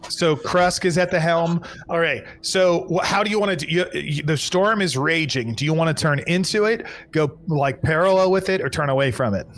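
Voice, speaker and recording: Running a live tabletop pirate game as game master, a man with a fairly bright, higher-pitched voice explains the rules briskly and narrates a storm. He rambles, with restarts and fillers.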